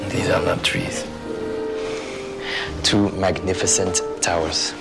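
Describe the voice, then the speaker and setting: An actor playing a proud French tightrope walker, speaking with a French accent in a grand, dramatic way. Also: male voice, low-pitched, fairly even intonation, slow, vocal fry, heavily acted. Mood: awed. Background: loud music.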